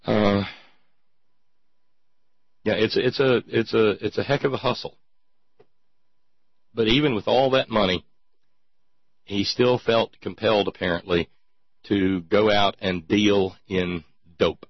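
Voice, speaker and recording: Husky low-voiced man. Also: steady tone, slow pace, pauses often, no room sound. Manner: sarcastic, indignant, rhetorical questions. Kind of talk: political commentary. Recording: dull lo-fi sound.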